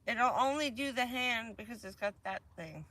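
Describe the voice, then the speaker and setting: A woman with a hoarse, stuffy voice from a cold, chatting casually on a vanlife livestream from her van, laughing often and answering her viewers. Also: fairly high pitch, lively intonation, normal speed, pushed and bright. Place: inside a camper van.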